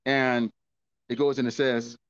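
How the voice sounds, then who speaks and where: A man's voice: medium pitch, flat delivery, a little slow, no room sound. Male preacher who drives his sermon with rhetorical questions and stumbles through repeated words; dull, dry lo-fi recording. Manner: rhetorical questions answered himself, repeats words, frequent "okay?". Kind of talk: teaching sermon with scripture reading.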